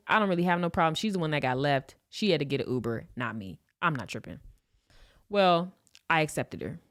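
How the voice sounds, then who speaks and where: In clean studio sound with no room tone, a young man from Los Angeles co-hosts a podcast and tells a story in an easygoing, animated way. He swears freely and acts out quotes with big jumps in pitch.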